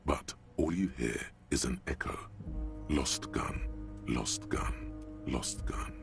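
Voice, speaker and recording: Very deep sardonic game narrator voice, clear music bed. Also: male voice, slow pace, heavily acted. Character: inner voice of a detective's mind, grim and mocking.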